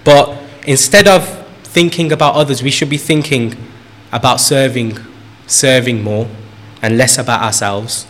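A man's voice: mid-range voice, measured pace, a bit bright. A man preaching a sermon in an earnest way, repeating phrases for emphasis and lifting his voice on key points.

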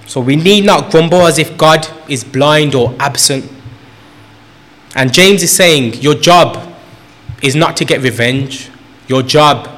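Earnest male preacher stressing key points. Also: fairly bright tone. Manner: earnest, repeats phrases for emphasis, rises in pitch on key points. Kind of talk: sermon.

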